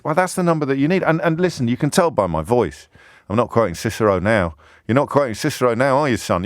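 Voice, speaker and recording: A man's voice: lowish voice, no echo. Male radio host, conversational, self-deprecating, stumbling restarts, dry close studio mic. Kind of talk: talk radio monologue. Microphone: studio microphone.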